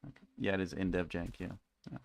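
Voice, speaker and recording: Low, gravelly young streamer. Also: male voice, quick pace, slight background noise. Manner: rambling, wry, frequent restarts. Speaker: game streamer. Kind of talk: casual live-stream chat. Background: faint music.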